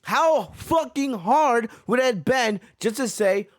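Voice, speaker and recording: A man's voice: very high voice, expressive, slow, dry recording, studio quality. A man hosting a wrestling podcast, ranting in a frustrated way that keeps circling back and repeating itself, full of fillers and restarts. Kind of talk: ranting reaction commentary.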